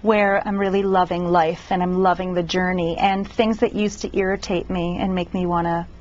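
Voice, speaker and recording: A woman's voice: fairly low pitch, flat delivery, moderate pace, a little mellow, lo-fi sound, slight background noise. A woman guest on a talk show, speaking earnestly and reflectively, sometimes getting emotional. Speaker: guest author.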